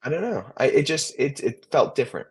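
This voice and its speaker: A man's voice: medium pitch, very animated, fairly quick, husky. A man in his twenties, co-hosting a podcast in casual chat, rambling with many restarts and fillers. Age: 20s. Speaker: co-host.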